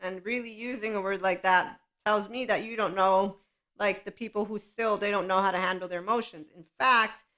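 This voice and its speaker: A woman's voice: mid-range voice, steady tone, normal speed, a bit bright. A woman hosting a podcast, telling a personal story in a candid, blunt way and laughing often. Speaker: podcast host. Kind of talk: casual monologue.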